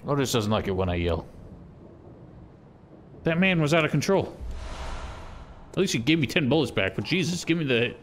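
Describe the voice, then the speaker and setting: A man streaming a video game, cursing and yelling at the enemies with frustration. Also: mid-range voice, big pitch swings, normal speed, long pauses, slight background noise. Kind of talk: live game commentary.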